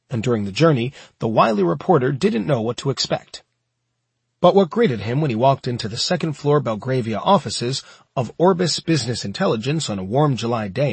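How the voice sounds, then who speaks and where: A man narrates a nonfiction audiobook in a very husky, breathy voice, his pitch rising and falling with lively movement. He keeps a steady, measured storytelling pace. The recording is close and dry, with no room sound around him. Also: dry recording.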